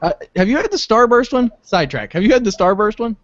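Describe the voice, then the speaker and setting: A man's voice: expressive, quick pace, slight background noise. A young man co-hosting a podcast, telling stories animatedly and laughing often. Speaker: podcast co-host. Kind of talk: casual chat. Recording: dull low-fi sound.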